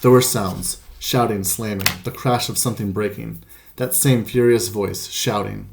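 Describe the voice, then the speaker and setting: A man reading a children's storybook aloud as the narrator, in a measured, gentle way. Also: on the low side, fairly even intonation, gravelly, background noise. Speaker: audiobook narrator. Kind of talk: scripted narration.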